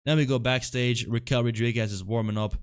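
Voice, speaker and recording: A man's voice: mid-range voice, fairly even intonation, a little fast, clear, resonant tone. A man recapping a wrestling show in a casual, frustrated rant, full of fillers and rhetorical questions.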